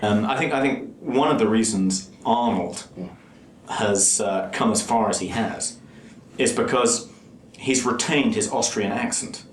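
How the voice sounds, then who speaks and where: A man speaks as a sardonic, emphatic commentator in a documentary interview and often stumbles over repeated words. His voice is mid-pitched, and the room gives it a noticeable echo over faint noise. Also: measured pace.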